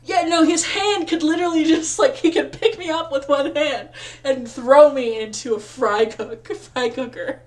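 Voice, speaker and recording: Giggly high-voiced young woman streamer. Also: normal speed. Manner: giggly, rambling, self-mocking. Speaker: let's play streamer. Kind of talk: reading a visual novel aloud with chat.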